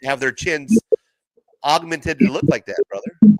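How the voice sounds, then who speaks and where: A man's voice: fairly high pitch, animated, moderate pace, music in the background. A middle-aged man hosting a livestream, chatting casually, swearing and laughing often. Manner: laughing often, profane, says bro and brother. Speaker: livestream host. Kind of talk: casual chat.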